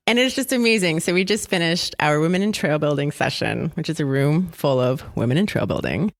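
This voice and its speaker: A woman with a lowish voice chats casually as a stand-in podcast host at a conference happy hour. She is giggly and self-deprecating, and her pitch swings widely as she talks. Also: lively intonation, brisk, soft background music. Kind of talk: casual conversational chat. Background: drinks and chatter.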